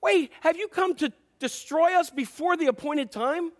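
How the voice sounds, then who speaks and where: A man's voice: extremely high pitch, moderate pace, voice pushed up. A man voicing a panicked horde of demons, whiny and bargaining.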